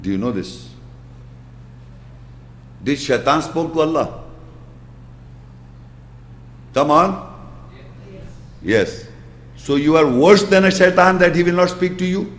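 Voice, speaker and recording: A man giving a religious lecture, asking his listeners pointed questions and quickly reciting Arabic verses before explaining them. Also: on the high side. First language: Urdu. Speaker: Islamic lecturer. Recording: echoey hall.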